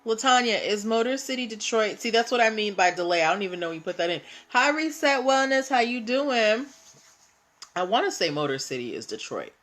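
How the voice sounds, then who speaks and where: A woman's voice: on the high side, expressive, brisk, fairly bright tone. A woman hosting a casual live stream, chatting and greeting viewers by name. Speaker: livestream host.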